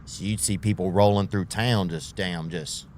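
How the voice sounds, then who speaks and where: A man's voice: deep voice, steady tone, moderate pace, a little mellow, a little hiss or hum. A man doing a rambling, profane comedic monologue as a podcast host, full of slang and tangents.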